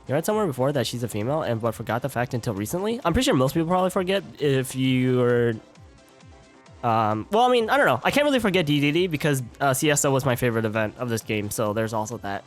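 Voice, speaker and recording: A man's voice: mid-range voice, big pitch swings, quick pace, faint music behind. A man streaming a game live, chatting casually, stumbling over words and joking with his chat.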